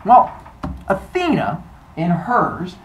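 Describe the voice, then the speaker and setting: A male teacher telling a myth to his class in an animated, theatrical way, recorded in a classroom. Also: high voice, takes it slowly, echoey room, distant mic, slight background noise, low-quality recording. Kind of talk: storytelling lesson.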